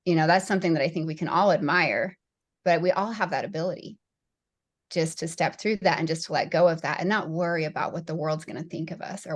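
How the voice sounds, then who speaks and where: A woman guest on a podcast, talking reflectively with lots of fillers. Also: lowish voice. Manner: reflective, heavy use of fillers. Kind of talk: casual conversation.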